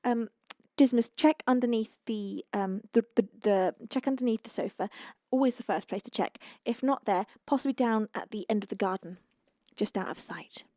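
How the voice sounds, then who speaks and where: Chatty english girl streamer, kinda high voice, super gushy and giggly, dry close mic. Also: moderate pace, no echo. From United Kingdom. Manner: bubbly and effusive, with soft laughs and sighs. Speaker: streamer and singer-songwriter. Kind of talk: chatty sign-off to live stream viewers.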